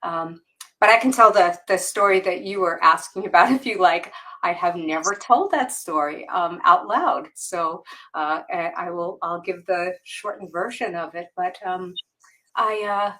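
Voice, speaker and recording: A woman guest on a podcast interview, telling a personal story candidly and haltingly, with many fillers and restarts. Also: on the low side, pushed and bright. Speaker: guest author.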